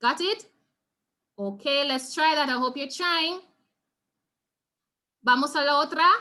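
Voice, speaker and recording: A woman's voice: high voice, unhurried, pauses often, pushed and bright. A woman with a Jamaican accent leading an online Spanish revision class, patiently repeating key points and checking in with her students. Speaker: Spanish teacher.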